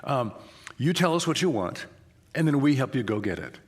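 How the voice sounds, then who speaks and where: A man in his seventies, a guest author who tells animated anecdotes quickly and acts out the voices of other people. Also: medium pitch. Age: 70s. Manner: rapid, animated storyteller acting out dialogue. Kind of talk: storytelling interview answers.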